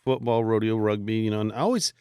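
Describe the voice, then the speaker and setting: A man's voice: fairly low pitch, fast talker, mellow, clear, resonant tone, dry recording. A middle-aged man, a podcast guest telling long rambling stories in casual chat and acting out the voices of people he quotes. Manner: rambling storyteller who acts out quoted voices.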